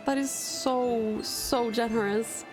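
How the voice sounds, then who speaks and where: A woman's voice: on the high side, fairly even intonation, slow. A woman from Australia streaming from home, chatting casually and gushing thanks to viewers with pet names. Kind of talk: casual live-stream chat. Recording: music playing behind.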